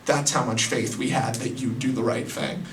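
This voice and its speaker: A man doing a soft-spoken old farmer dad. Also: medium pitch, steady tone, moderate pace, roomy sound, recorded from a distance, a little hiss or hum, voice pushed down, close to an everyday voice. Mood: reassuring. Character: gentle old farmer father, steady and reassuring.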